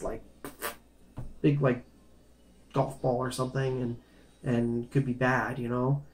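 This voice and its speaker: A man's voice: medium pitch, a little slow, long pauses, slight background noise. A man casually recounting a personal medical story, rambling and conversational, with many restarts and fillers. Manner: animated and emphatic in tense moments.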